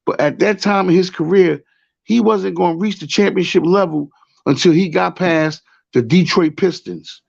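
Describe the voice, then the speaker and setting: A man's voice: high-pitched, normal speed, gravelly, highs cut off. A man with a New York accent telling a rambling story in casual talk, often repeating "you know what I'm saying.". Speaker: show host.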